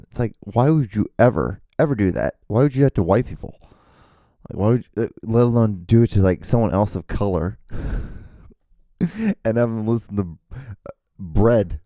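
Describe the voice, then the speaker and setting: Male host, 30s, meandering self-deprecating monologue, warm low voice, dry recording. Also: expressive, moderate pace, pauses often, no echo. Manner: meandering, profane, self-mocking, with many fillers and restarts. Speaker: podcast host. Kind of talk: rambling solo podcast monologue.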